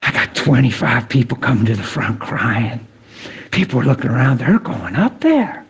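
A man preaching a sermon, telling stories dramatically, sinking to a whisper and then rising to excited peaks. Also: medium pitch, moderate pace, gravelly, husky.

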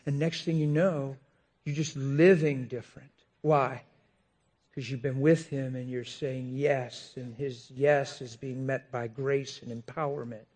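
A man preaching a sermon, moving between quiet prayer-like phrases and loud, animated storytelling. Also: a little slow. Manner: soft prayerful murmur rising to loud, high-pitched storytelling.

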